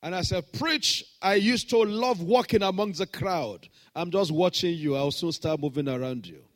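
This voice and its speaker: A middle-aged man preaching a sermon, swinging between shouted proclamations and hushed storytelling. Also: sits high, moderate pace. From Nigeria. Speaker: pastor.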